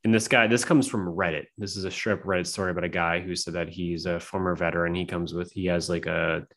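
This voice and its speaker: A man's voice: deep voice, steady tone, fairly quick, fairly bright tone. A man telling spooky stories as a podcast guest, in a casual, rambling way full of fillers and swearing. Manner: profane, rambling, filler-heavy. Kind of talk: casual storytelling chat.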